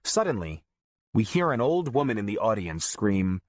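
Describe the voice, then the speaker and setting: Lively male audiobook narrator. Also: lowish voice, moderate pace, dry recording, clean studio sound. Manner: lively, storytelling. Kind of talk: scripted narration.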